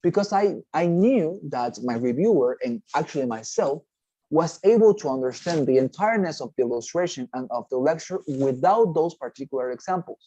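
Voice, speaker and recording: Guy teaching a test prep class, warm low-key tone, stops and restarts a lot, keeps asking okay?. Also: animated, dry recording, lo-fi sound. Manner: explanatory, checks in with "okay?" often; halting, restarts phrases. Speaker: TOEFL teacher. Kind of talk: recorded class lecture.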